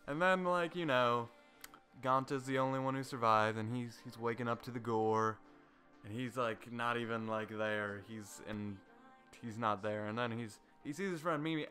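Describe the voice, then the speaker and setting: A young man giving a casual, rambling anime review, excitable and swearing a lot, full of fillers and restarts. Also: medium pitch, moderate pace, soft background music.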